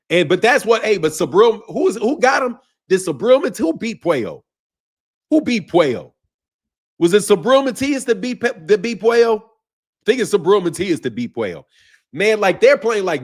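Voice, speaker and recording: A man's voice: high voice, brisk. A man hosting a boxing live stream, reading chat aloud in a rambling, profane way and laughing often. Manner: animated and rambling, laughs often, swears freely.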